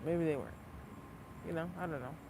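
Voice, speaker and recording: A woman vlogging in a casual rant, blunt and profane, swinging between low muttering and loud heated outbursts. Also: brisk, noisy background. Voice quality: blunt, heavily profane street talk. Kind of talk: casual unscripted vlog rant.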